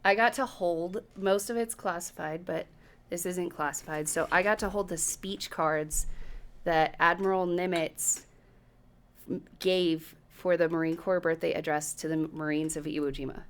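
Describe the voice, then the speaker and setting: Guest: woman, lowish voice, frank and casual, drops the odd swear. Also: steady tone, moderate pace. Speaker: podcast guest. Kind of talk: casual chat.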